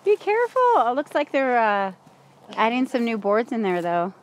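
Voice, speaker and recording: A woman's voice: a little high, wildly swooping pitch, normal speed, rough recording. A woman casually narrating to the camera while exploring an old site outdoors in the cold. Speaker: paranormal investigator filming a site visit.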